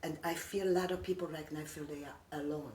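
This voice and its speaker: A woman's voice: sits low, steady tone, brisk, a little mellow, slight background noise. Earnest older immigrant woman, echoey. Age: 60s. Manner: earnest, broken English, heartfelt. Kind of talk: emotional personal talk. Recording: echoey room, mic far off.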